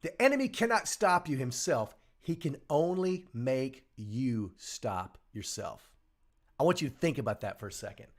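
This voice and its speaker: A man's voice: mid-range voice, sing-song, moderate pace. A middle-aged man hosting a live show, giving an earnest motivational talk and repeating his key lines for emphasis. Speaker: show host. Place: small home studio.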